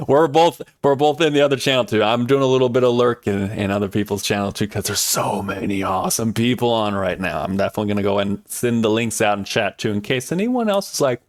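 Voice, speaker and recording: A man's voice: fairly low pitch, fast talker, few pauses, no room sound. A man streaming live, chatting casually and cheerfully with his viewers, full of fillers and asides.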